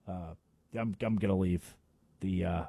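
A man's voice: deep voice, fairly even intonation, a little slow, creaky, warm tone, breathy edge, no room sound, studio quality, pitched below the performer's own voice, full character voice. A man doing a mocking impression of a showboating, fickle male college football coach. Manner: attention-seeking, flippant. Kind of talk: mocking impression on sports radio.

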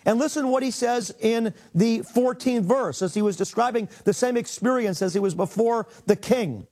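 Guy preaching a bible teaching, pretty high voice, earnest and emphatic. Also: moderate pace, a little mellow. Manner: earnest, emphatic preaching, reads scripture aloud. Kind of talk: sermon.

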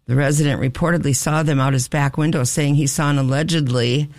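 Male radio co-host, slightly high, gravelly, wry. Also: fairly even intonation, a little fast, no echo. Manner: wry, joking asides. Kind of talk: casual morning show banter and news reading. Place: radio studio. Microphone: close studio mic.

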